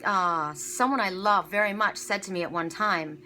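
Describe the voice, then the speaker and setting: A woman giving a casual spiritual reading to viewers, earnest and halting, often repeating her words as she goes. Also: lowish voice, sharp tone, slight background noise. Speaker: spiritual card reader.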